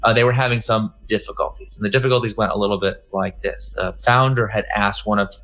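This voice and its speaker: A man's voice: fairly low pitch, fairly quick. A middle-aged man giving a conference talk, telling a story and acting out the dialogue in a raised voice. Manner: animated anecdote, acts out dialogue in raised voice. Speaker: keynote speaker.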